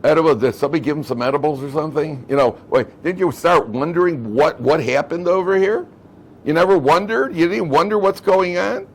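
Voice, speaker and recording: A man's voice: a little high, brisk. A man, a rabbi, giving a Torah lecture to a live class, talking conversationally, repeating phrases and acting out quoted speech in his stories.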